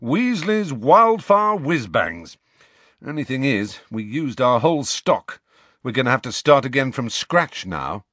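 A man's voice: medium pitch, sing-song, unhurried, a bit bright, dry recording, voice pushed up. A man voicing a cheerful, cheeky teenage boy who plays pranks.

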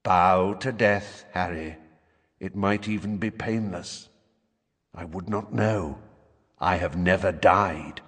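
A man voicing a sinister dark wizard speaking slowly and coldly. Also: low voice, slightly rough, in a large hall, full character voice. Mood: menacing. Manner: slow, cold, taunting.

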